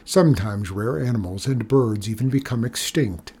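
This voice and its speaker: A man's voice: medium pitch, lively intonation, moderate pace, dark tone, slightly rough. A man reading as an earnest young teacher. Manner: pleading, earnest. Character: earnest serious young male village teacher.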